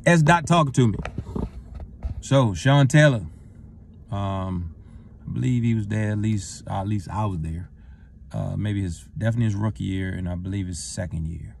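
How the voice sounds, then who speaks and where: A middle-aged man, a retired football player, telling a personal story in a loose, rambling way that gets lively as he relives it. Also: on the low side, normal speed, creaky, long pauses, a little hiss or hum. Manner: relaxed, rambling with fillers, gets animated retelling the encounter. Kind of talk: casual storytelling monologue.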